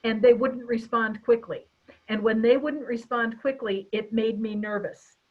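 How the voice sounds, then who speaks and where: An expressive, chatty woman hosting a webinar over a video call. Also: a little high, unhurried, phone-quality sound. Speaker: webinar host. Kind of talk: casual webinar chat.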